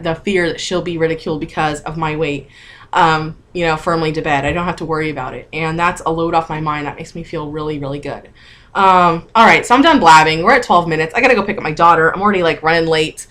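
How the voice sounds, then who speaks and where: A woman's voice: deep voice, fast talker, a bit bright. A woman in her thirties chatting candidly to her camera in a casual vlog, open and emotional as she talks. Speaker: vlogger.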